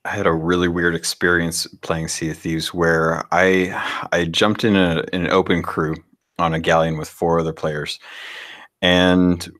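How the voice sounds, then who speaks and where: Deep-voiced rambling podcast man. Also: little pitch movement, fairly bright tone. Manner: rambling, halting storyteller. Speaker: podcast co-host. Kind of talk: casual podcast storytelling.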